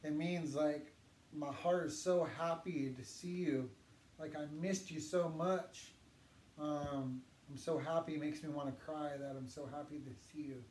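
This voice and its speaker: A man teaching a language lesson, patiently saying words slowly for learners to repeat. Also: a little high, steady tone, a little mellow. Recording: echoey room with faint noise.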